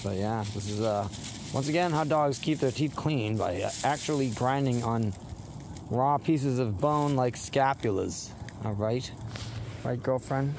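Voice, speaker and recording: A dog trainer from Massachusetts chatting casually through a vlog, breaking into a high baby voice to talk to the dogs. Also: male voice, a little slow, noisy background. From Massachusetts, USA.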